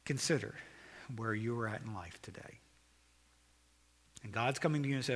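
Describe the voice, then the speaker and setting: A man preaching a sermon as a pastor, swinging from loud urgent calls to quiet earnest appeal. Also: mid-range voice, normal speed, long pauses, breathy edge, big-room sound.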